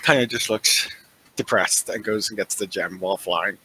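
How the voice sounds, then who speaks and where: A man's voice: fairly low pitch, moderate pace, pushed and bright, breathy edge, no echo, low-quality recording. A man playing a tabletop game, casually describing what his character does. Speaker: player.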